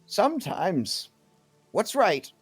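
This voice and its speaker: A man's voice: sits high, sing-song, slow pace, music in the background, pitched above the performer's own voice, exaggerated voice. A man voicing a principled, steadfast young woman who speaks earnestly.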